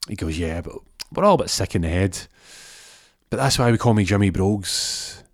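A gloating, menacing gangster villain, put on by a storyteller. His voice sits a little higher than the teller's own and comes across dry and close. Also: expressive, normal speed, no room sound. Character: sneering villainous man, gangster type.

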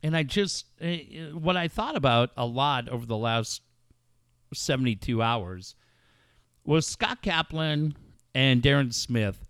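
A man's voice: mid-range voice, measured pace, clear, resonant tone, no echo, studio quality. A man hosting a sports talk show, telling stories in a casual, profane way. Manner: animated, profane storytelling. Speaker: sports radio host.

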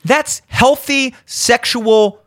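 Speaking very slowly in a very high, somewhat bright voice, this man hosts a show and rants bluntly about relationships. He swears a lot and insists on repeating his points, all captured in a clean studio recording with no room sound.

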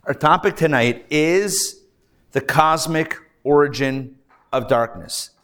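A man's voice: on the high side, slow pace. A man, a rabbi, teaching a live class to an audience, telling jokes and acting out the voices in them. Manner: animated storyteller, acts out voices in jokes.

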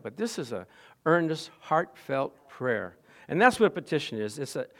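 Preaching with a fairly high-pitched voice, a middle-aged pastor alternates soft asides with loud, forceful statements and poses questions to his congregation.

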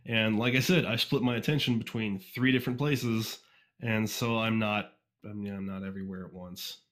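The man's lowish, slightly bright voice holds a fairly even intonation at normal speed. He is a fan fiction reviewer guesting on a casual podcast interview, rambling, self-deprecating, and full of fillers and restarts.

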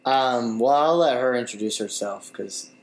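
A man's voice: mid-range voice, normal speed, slight background noise. Young male co-host, mid voice, joking and casual, recorded in an echoey room. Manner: relaxed, joking, swears casually. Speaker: podcast co-host. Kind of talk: casual chat.

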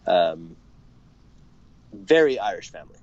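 A man's voice: low voice, sing-song, unhurried, darkish tone. Canadian guy in his 30s, laughs lots, lots of uhs and ums, kinda dull lo-fi audio. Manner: laughs often, hesitant with many fillers, swears casually. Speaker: podcast guest, brewer. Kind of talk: casual chat.

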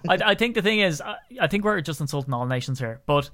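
A man's voice: a little high, lively intonation, quick pace, pushed and bright. An Irish man hosting a podcast in casual chat, talking in a chatty, ranting way that gets worked up. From Ireland. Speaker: podcast host.

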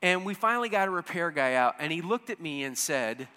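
Animated older man telling a story in a hall. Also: on the high side, fairly quick, clean tone. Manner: animated, swings between hushed asides and loud excited bursts. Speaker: storyteller speaking to an audience. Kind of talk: humorous personal storytelling. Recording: hall with long reverb.

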